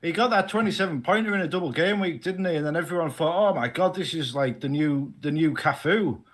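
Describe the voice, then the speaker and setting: A man's voice: a little high, brisk. A man chatting casually as a guest on a fantasy football watchalong, telling his story in a playfully dramatic way.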